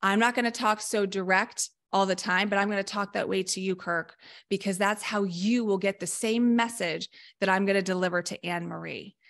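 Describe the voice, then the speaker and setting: A woman coach talks through her methods on a podcast with lively, emphatic energy. Her voice sits at a medium pitch, and she slips briefly into acted coaching lines to make her points. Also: normal speed. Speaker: mental performance coach.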